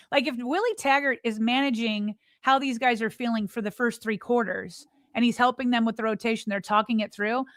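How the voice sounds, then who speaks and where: A woman's voice: a little high, a bit bright, no room sound, clean studio sound. A woman co-hosting a sports podcast, arguing emphatically and firing off rhetorical questions in exasperation. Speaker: podcast co-host. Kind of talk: heated sports podcast argument.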